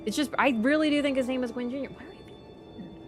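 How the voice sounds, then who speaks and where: A woman livestreamer in casual chat, animated and teasing toward viewers and swearing casually. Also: sits high, rapid-fire, over music.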